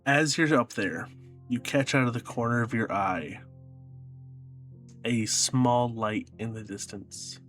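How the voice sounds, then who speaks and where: A man running a tabletop sci-fi game as game master, narrating scenes in a steady, descriptive way. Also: mid-range voice, slow, pauses often, soft background music. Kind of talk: narrating a tabletop space adventure.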